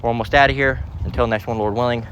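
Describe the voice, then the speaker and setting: A man teaching from the Bible in a casual way, out of breath as he walks outdoors and slowing down to read verses aloud. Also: medium pitch, steady tone, fairly bright tone, highs cut off, a little hiss or hum. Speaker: preacher. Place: outdoors, walking near traffic.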